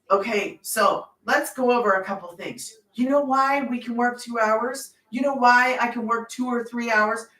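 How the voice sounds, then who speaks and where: A woman's voice: on the high side, a bit bright, far from the mic. A middle-aged woman hosting a casual livestream about her online business, talking in a rambling, emphatic way. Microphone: phone. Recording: roomy sound, off-mic.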